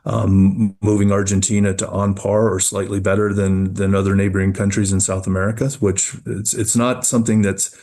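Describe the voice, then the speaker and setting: A man, a mining company executive, answering interview questions in a measured way, often repeating words as he thinks. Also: fairly low pitch, flat delivery, dark tone.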